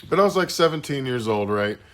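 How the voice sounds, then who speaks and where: A young man co-hosting a podcast tells rambling stories in casual chat, swearing freely. His medium-pitched voice is animated and quick.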